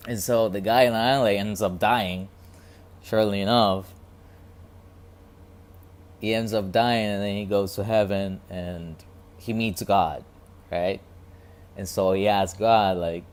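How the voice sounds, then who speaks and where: A man vlogging a casual reflective monologue, talking quietly and rambling with many restarts and repeated words. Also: fairly low pitch, fairly even intonation, measured pace, pauses often.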